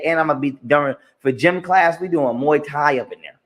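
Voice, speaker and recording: A man with a somewhat raised pitch, ranting in a played clip. He talks emphatically, repeats himself and swears a lot. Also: brisk, a bit bright. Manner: emphatic, repetitive, profane. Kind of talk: ranting monologue.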